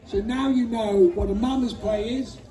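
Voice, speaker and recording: A man's voice: high voice, fairly even intonation, moderate pace, dark tone. A man narrating a folk play in rhyme, jovially teasing the audience. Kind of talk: rhyming storytelling to an audience. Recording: echoey distant outdoor stage with crowd.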